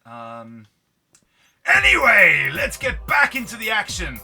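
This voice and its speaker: A man's voice: medium pitch, animated, unhurried, pushed and bright, soft background music. A man doing a put-on accented persona, commenting on gameplay in an upbeat, exclamatory, rambling way. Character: chirpy adult male show persona with put-on accent.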